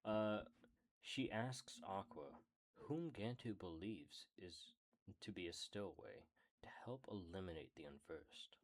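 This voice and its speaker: A man's voice: deep voice, lively intonation. A man casually reading a character book aloud, often stumbling over words, correcting himself and apologizing. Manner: slow, halting reading. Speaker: hobby reader of a character book. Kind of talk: casual read-aloud with asides.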